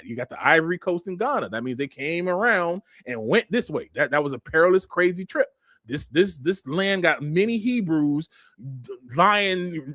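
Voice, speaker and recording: A man's voice: on the high side, sharp tone, dry recording, clean studio sound. A man giving a heated, blunt online monologue while walking through a map, repeating himself and going off on tangents. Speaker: online commentator.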